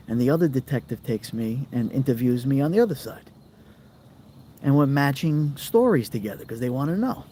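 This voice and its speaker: A middle-aged man spins rambling anecdotes for his live-stream viewers and slips into the voices of the people in his stories. His voice is dark and mellow. Faint crickets chirp behind him outdoors at night. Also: mid-range voice, a little hiss or hum. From New York. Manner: rambling anecdotes, acts out quoted voices, answers viewer comments. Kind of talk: casual storytelling chat.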